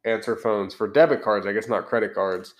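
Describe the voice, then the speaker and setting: A man in his twenties hosting a casual podcast chat, upbeat and quick to laugh. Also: fairly low pitch, steady tone. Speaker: podcast host.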